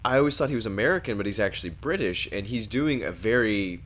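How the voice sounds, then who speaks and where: A man's voice: lowish voice, animated, quick pace, a little hiss or hum. A man co-hosting a film review podcast, retelling scenes casually in a rambling way, acting out quotes as he goes. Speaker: podcast co-host.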